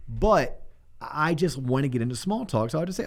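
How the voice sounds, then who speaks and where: In a casual podcast conversation, a middle-aged mortgage coach acts out sample phone calls to teach small talk. He sounds animated, medium-pitched, and moderately paced, with some vocal fry.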